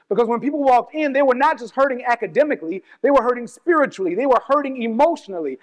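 A man preaching a sermon as a church elder, sharing personal testimony, moving between quick asides and slow emphatic lines. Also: very high-pitched. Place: church sanctuary. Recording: church hall with long reverb.

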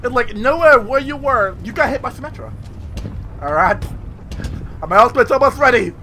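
A man giving excitable live gameplay commentary, playful and repetitive, swearing now and then. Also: extremely high pitch, moderate pace, long pauses, slight background noise. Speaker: gaming video creator.

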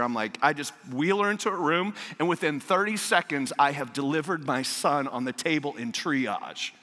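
A man's voice: high-pitched, a little fast, hardly any pauses, long reverb tail. A man in his thirties, a pastor telling a funny story in a sermon, acting out what people said. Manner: animated, humorous storytelling with acted-out quotes. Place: church auditorium.

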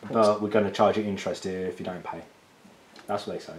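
A man's voice: deep voice, fairly even intonation, fairly quick, a little hiss or hum, rough recording. A man co-hosting a painting video, bantering playfully and teasing his partner. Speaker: miniature painting channel co-host. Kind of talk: casual banter while painting.

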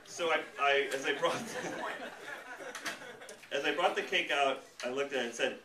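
A male stand-up comedian doing a set on a comedy club stage, animated and jumping into loud character voices, with audience laughter behind him. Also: mid-range voice, moderate pace, long pauses, a crowd in the background. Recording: roomy live club sound from a distance.

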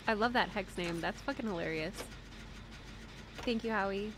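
A woman's voice: mid-range voice, normal speed, noisy background. A young woman streaming a game live, chatting with viewers, giggling often and shrieking and swearing when startled.

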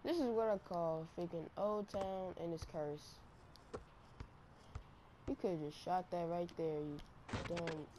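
A woman giving excitable, slangy, trash-talking commentary over her own basketball gameplay on a headset mic. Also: fairly low pitch, slow, long pauses. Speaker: gaming channel host. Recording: noisy game audio behind.

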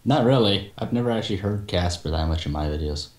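Deep male host, dry offhand gamer banter, roomy echo. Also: expressive, fast talker. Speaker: channel host playing a block-building game. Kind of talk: casual gaming chat. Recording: echoey room.

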